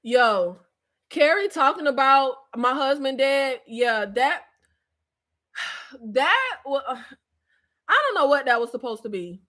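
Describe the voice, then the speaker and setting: High, bright-voiced woman hosting a live chat. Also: slow, long pauses. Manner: animated, slangy, laughs often, dramatic reactions. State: stuffy nose and scratchy throat. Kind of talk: casual live-stream show recap chat.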